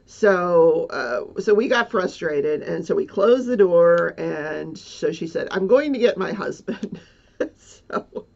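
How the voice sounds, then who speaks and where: Woman, casual storyteller, rambling and flustered, gravelly voice, dull lo-fi recording. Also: on the low side, lively intonation, takes it slowly, darkish tone. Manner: rambling, flustered, many fillers and nervous laughs. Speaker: livestreamer. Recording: dull lo-fi sound.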